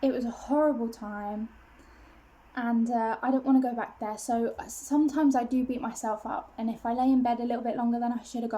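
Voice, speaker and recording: Chatty woman with a high voice. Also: steady tone, a little fast, dark tone. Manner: rambling, many fillers and restarts, self-conscious. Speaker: vlogger. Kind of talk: casual confessional chat to camera.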